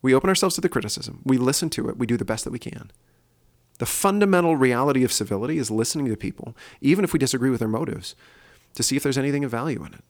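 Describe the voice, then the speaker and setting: A racing, expressive male voice at medium pitch carries this solo opinion podcast. The host speaks earnestly, thinking through things as he goes, with frequent filler words.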